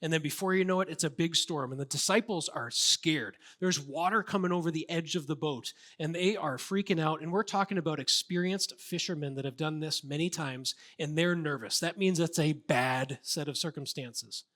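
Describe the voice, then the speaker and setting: A man's voice: on the high side, moderate pace, hardly any pauses, a bit bright. A man preaching a sermon as a pastor, earnest and conversational, with casual fillers.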